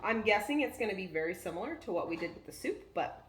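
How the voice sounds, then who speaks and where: A woman's voice: medium pitch, animated, fast talker. Woman, cooking demo host, chatty explainer, frequent ums, roomy kitchen echo, kitchen noise behind. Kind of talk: casual cooking demonstration. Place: home kitchen. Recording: echoey kitchen with background noise.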